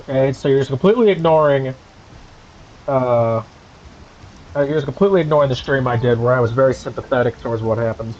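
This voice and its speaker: A man's voice: medium pitch, fast talker, pauses often, darkish tone, highs cut off, slight background noise. A man streaming from home, ranting angrily and sarcastically with heavy profanity as the channel's host.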